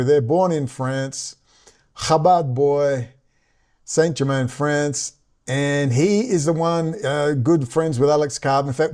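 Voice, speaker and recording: A man ranting in casual commentary, sarcastic and mocking, often jumping into high exasperated tones. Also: darkish tone. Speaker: vlogger.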